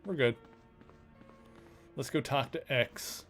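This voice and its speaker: A man streams a video game and chats along in a loose, joking way, full of fillers and asides. His pitch sits mid-range. Faint game music plays behind him. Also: takes it slowly, a bit bright. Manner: chatty and joking, with filler words. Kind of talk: casual let's play commentary.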